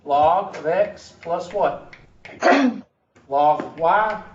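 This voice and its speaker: A man's voice: high voice, very slow, far from the mic. A man lecturing a math class, joking and teasing while he quizzes his students. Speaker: math instructor. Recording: echoey muffled room recording from afar with faint hiss.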